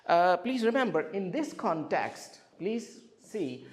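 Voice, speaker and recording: Animated male English teacher drilling a class. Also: sits high. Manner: slow and clear, with lively questioning and drilling.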